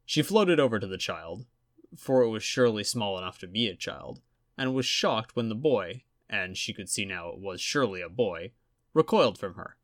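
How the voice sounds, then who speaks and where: A man reading a story aloud with steady storytelling. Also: on the low side, moderate pace, dry recording, studio quality. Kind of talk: audiobook narration.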